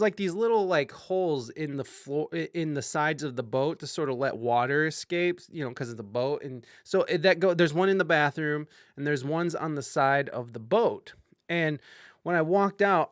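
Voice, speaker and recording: A man hosting a podcast, casually telling a profane story with loud panicked outbursts and asides to live-stream viewers. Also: on the high side, smooth, no room sound, clean studio sound. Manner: animated, profane, swings into loud panicked outbursts when quoting himself. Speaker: podcast host.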